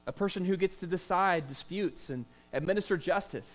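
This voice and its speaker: Higher-voiced male pastor preaching. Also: animated, brisk, rough recording. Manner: conversational preaching with rhetorical questions and frequent "uh" fillers; restarts and repeats words. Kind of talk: sermon.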